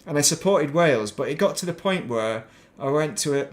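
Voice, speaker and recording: A middle-aged man with a softened northern English accent, chatting casually and rambling while streaming a game. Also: on the high side, animated, brisk. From northern England. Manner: rambling, thinks aloud, laughs at himself. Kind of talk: casual chat while playing.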